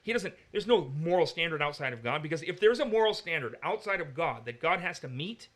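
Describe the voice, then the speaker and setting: A man's voice: on the high side, lively intonation, brisk, a bit bright. A man leading a teaching discussion on the Bible, arguing his points emphatically. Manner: emphatic, argumentative.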